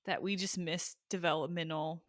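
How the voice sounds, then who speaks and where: A woman's voice: lowish voice, steady tone, normal speed, fairly bright tone, no room sound. Dry-sounding woman host, agreeable. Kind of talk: casual interview talk.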